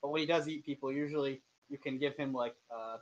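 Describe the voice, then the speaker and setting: A man running a tabletop game online, describing scenes in a relaxed, rambling way with lots of fillers. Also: mid-range voice, fast, lo-fi sound. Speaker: game master. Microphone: voice chat over internet.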